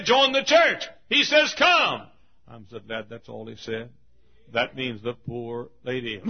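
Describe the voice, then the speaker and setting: A man preaching an evangelistic sermon from a church pulpit, swinging dramatically between ringing shouts and hushed low tones, with a rhythmic, repetitive delivery. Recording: dull lo-fi sermon recording.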